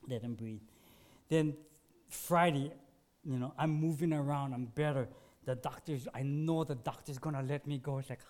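A man preaching a sermon, telling a personal story conversationally, dropping to a hush and then rising to emphatic peaks, still sore after surgery. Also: fairly high pitch. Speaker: pastor.

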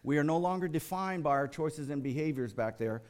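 A lay preacher from America, his voice on the high side and his pace fairly quick, gives a sermon. He tells stories with animation and acts out the quoted voices of the characters.

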